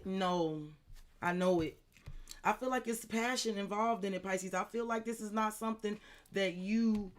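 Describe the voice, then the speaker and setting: A woman doing a live tarot reading, speaking emphatically and repetitively straight to her viewers, with frequent swearing, and greeting chat viewers by name. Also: fairly low pitch. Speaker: tarot reader.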